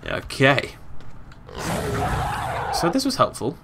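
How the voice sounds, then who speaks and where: A British man hosting a let's play, joking, talking to the game and making squeaky silly noises as he plays. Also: wildly swooping pitch, takes it slowly, creaky, background noise. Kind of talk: casual gameplay commentary.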